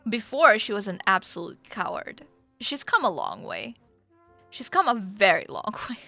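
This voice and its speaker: A woman's voice: mid-range voice, moderate pace, no echo, faint music behind. A woman streaming a roleplay game, chatting casually and swearing freely while she plays. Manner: chatty, excitable, swears freely, laughs often.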